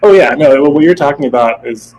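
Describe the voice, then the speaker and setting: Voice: mid-range voice, brisk, a little mellow, dull audio, slight background noise. A host in a casual interview asks loose, rambling questions. They are full of fillers and restarts.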